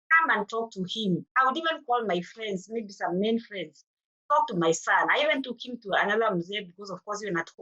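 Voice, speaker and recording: Bright-voiced Kenyan mother telling her story. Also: mid-range voice, muffled recording. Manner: earnest storytelling, acting out quoted exchanges. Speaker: mother sharing her story as a forum guest. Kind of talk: personal testimony at a forum.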